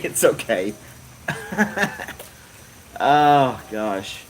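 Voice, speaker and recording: A man's voice: fairly high pitch, lively intonation, slow, fairly bright tone, a little hiss or hum. A man hosting a livestream, chatting casually and reading viewer comments while laughing hard and often. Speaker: livestream host.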